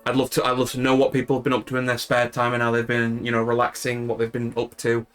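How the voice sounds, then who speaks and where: A man's voice: mid-range voice, monotone, quick pace, a bit bright, clear, resonant tone, faint music behind. A man from Yorkshire with a Yorkshire accent, chatting casually and rambling to his stream's viewers, with many fillers and restarts. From Yorkshire, north of England. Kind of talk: casual chat with live viewers.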